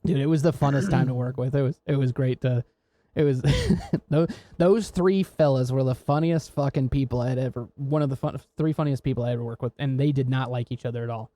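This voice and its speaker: With a dark, mid-range voice and a brisk pace, this American man co-hosts a podcast and there's no room sound. He casually tells rambling work stories, full of laughter and swear words.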